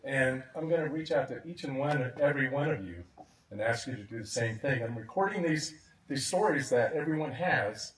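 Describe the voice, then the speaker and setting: A man giving a warm, reflective memorial speech, chuckling now and then. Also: mid-range voice, expressive, moderate pace. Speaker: memorial speaker. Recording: echoey sound from a distant mic.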